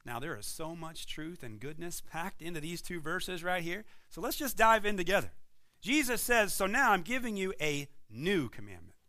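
A man preaching a sermon as pastor, building emphatic points and dropping to quiet moments. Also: high voice, very animated, normal speed. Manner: emphatic preaching with rising and falling intensity.

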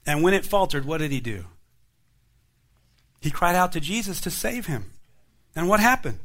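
A male pastor preaching a sermon, retelling miracle stories with lively emphasis and rhetorical questions to his listeners. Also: a little high, moderate pace. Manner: animated storytelling preacher, rhetorical questions to the congregation.

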